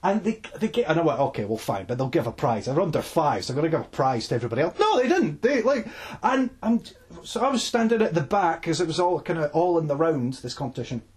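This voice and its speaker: Un uomo con scozzese, co-conduttore di un podcast, racconta con foga in una chiacchierata informale, pieno di parolacce e frasi ripetute, registrato al telefono. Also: male voice, on the high side, fast talker, slightly rough. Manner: animated storytelling, sweary, many restarts. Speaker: podcast co-host. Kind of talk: casual chat. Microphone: phone line.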